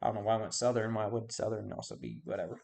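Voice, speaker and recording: A man's voice: on the low side, steady tone, very fast, vocal fry, a little mellow, a little hiss or hum. A man giving casual video game commentary, rambling and forgetting names with self-deprecating asides. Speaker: YouTube host.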